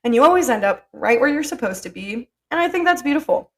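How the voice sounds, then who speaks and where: A woman's voice: high voice, expressive, fast. A woman hosting a solo podcast, talking in a chatty, blunt, profane way full of "like". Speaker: podcast host. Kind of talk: casual solo podcast monologue.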